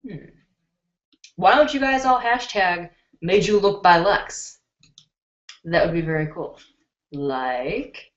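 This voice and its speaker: A woman from Chicago hosting a beauty live stream, excitedly reading out viewer comments from her computer on a webcam. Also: on the low side, slow, long pauses. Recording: roomy, dull lo-fi webcam sound.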